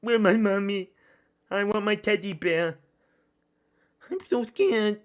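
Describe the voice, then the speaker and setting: A man's voice: high-pitched, slow pace, clear, resonant tone, voice pushed up. A man doing a whiny scared little boy. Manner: whiny, pleading. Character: frightened little boy crying for his mommy.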